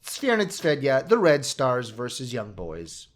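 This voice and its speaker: A man's voice: mid-range voice, wildly swooping pitch, measured pace. Chatty self-mocking man talking football picks. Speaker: podcast co-host. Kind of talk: casual sports chat.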